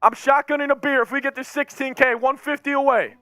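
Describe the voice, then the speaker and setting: Male fan streamer, very high, bright and hyped, rambling play-by-play over faint music. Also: steady tone, brisk, no echo. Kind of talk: live fan reaction stream.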